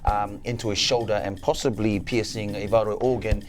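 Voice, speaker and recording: A man's voice: on the low side, steady tone, brisk. A man describing his character's actions as a player in a tabletop game, loose and rambling. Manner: loose, rambling narration with fillers. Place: studio.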